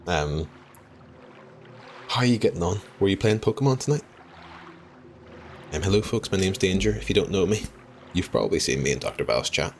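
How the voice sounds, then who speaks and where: A young Irish man with a deep, low-pitched voice streams a game live and chats easily with his viewers. He talks loosely, laughs a lot and apologizes often. A faint hum of noise sits under his voice. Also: vocal fry. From Ireland. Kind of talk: live gameplay commentary chatting with viewers.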